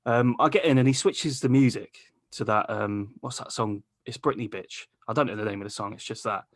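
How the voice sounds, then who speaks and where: A man's voice: medium pitch, fairly quick, no echo, clean studio sound. A man hosting a podcast, telling a long rambling story in casual chat, swearing freely and laughing mid-sentence. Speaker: podcast host.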